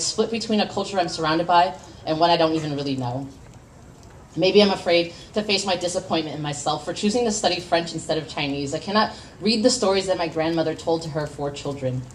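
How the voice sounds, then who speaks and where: A young woman from the United States performing spoken word poetry at a café open mic, with awkward self-deprecating asides between impassioned poems. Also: fairly low pitch. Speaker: poet. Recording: distant mic with faint room noise.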